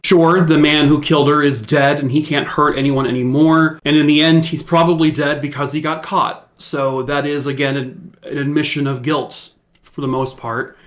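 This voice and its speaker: A man's voice: on the high side, level tone, moderate pace. A man telling a true crime story in casual talk, blunt and emphatic, with lots of fillers. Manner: blunt and emphatic, with jokey sign-off; talks with many fillers and restarts.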